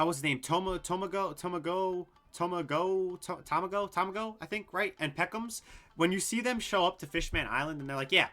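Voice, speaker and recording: Young dude hyped and swearing through an anime ranking, bright voice, a bit high, faint music under it. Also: male voice. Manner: excitable, rambling and profane, lots of filler. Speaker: anime video host. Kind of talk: casual ranking commentary.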